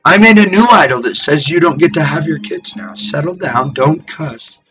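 A man mimicking a smug, condescending official in a soft, patronizing voice. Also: fairly high pitch, animated, moderate pace, far from the mic, low-quality recording. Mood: mocking. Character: smug, condescending male official shushing a protester.

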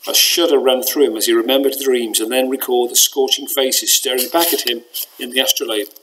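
Man, story reader, steady plain narration, middle pitch, children's novel. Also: brisk, a little hiss or hum, low-quality recording. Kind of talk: reading a children's novel aloud.

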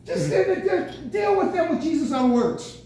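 Excitable male preacher, very high and animated pitch, recorded from afar in an echoey room. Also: moderate pace. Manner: excitable, bursts out with exclamations. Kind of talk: lively sermon. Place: senior center meeting room. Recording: very echoey room, mic from far off, faint noise.

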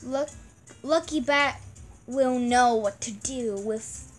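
A young woman chats and giggles through a video game, reading its lines aloud in a high voice. She talks slowly, with faint music under her. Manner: chatty, giggly, reads game text aloud. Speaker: gameplay video host. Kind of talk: casual gameplay commentary.

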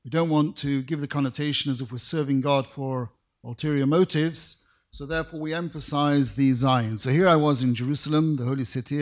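A middle-aged man giving a formal lecture, telling anecdotes with careful, precise diction, measured pacing and dry humor. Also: medium pitch. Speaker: rabbinic lecturer.

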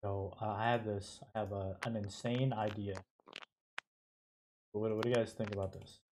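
A man's voice: on the low side, little pitch movement, normal speed, a little mellow, slight background noise. A man streaming a mobile strategy game, chatting playfully with friends and trash-talking opponents. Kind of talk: casual live gameplay chat.

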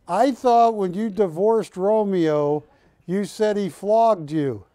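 Guy on a shopping channel, kinda high voice, dry sound, rambles and jokes. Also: slow pace, dark tone, dry recording. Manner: joking, rambling storyteller, counts prices down. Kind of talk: live TV sales pitch and banter.

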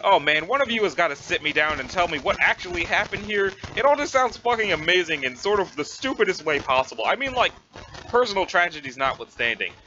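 A man's voice: high-pitched, big pitch swings, brisk, pushed and bright, muffled recording, full character voice. A man playing an ironic, drawling teen boy. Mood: wry. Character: laid-back sarcastic teenage boy.

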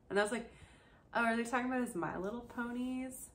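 A woman's voice: fairly high pitch, quick pace. A young woman giving casual commentary, sarcastic and swearing freely, breaking into laughter often. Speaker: commentary channel host.

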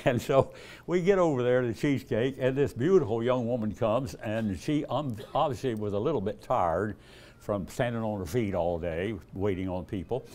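This older preacher has a mid-range, slightly mellow voice at normal speed. In his sermon he spins folksy stories, voicing the dialogue in a raised voice and often chuckling.

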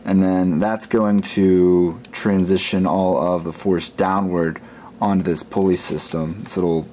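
A man building a gadget in his workshop, thinking out loud in a rambling, self-mocking way as he works. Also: low-pitched, fairly even intonation, measured pace, a little hiss or hum. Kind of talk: casual workshop vlog narration.

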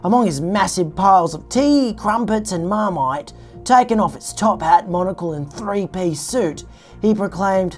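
A woman delivers satirical headlines in a dry, mock-serious anchor voice of ordinary middle pitch. She reads each absurd story straight, never letting on that it is a joke. Faint music plays beneath her. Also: animated, unhurried, darkish tone. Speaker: parody news anchor. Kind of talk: satirical newsreading.

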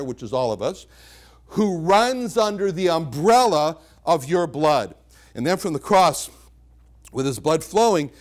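Animated male preacher. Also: on the high side. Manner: animated, emphatic Bible teaching with repetitions. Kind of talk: sermon. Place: church chapel.

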